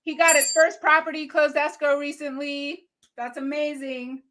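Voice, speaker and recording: A woman's voice: high voice, little pitch movement, moderate pace, a bit bright. A woman guest chatting on a video call, cheering others on. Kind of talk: casual chat on a video call.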